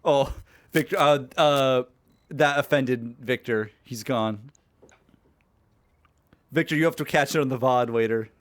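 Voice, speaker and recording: A man's voice: mid-range voice, a little slow, long pauses. An easygoing man from Alaska chats on a game stream, cracking jokes and talking his partner through moves. His voice sits in a plain middle register. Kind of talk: casual gaming stream chat.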